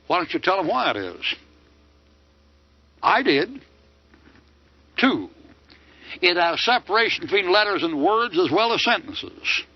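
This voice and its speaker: A man's voice: sits high, very animated, unhurried, pauses often, husky. An older man preaching a fiery sermon lecture, firing off mocking rhetorical questions. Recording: dull lo-fi dry recording.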